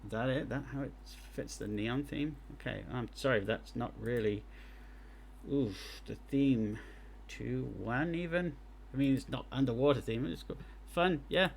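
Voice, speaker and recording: A man giving live gameplay commentary as he streams and reviews game jam entries, excitable and thinking aloud as he plays. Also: mid-range voice, creaky, a little hiss or hum. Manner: excitable, talks to himself while playing.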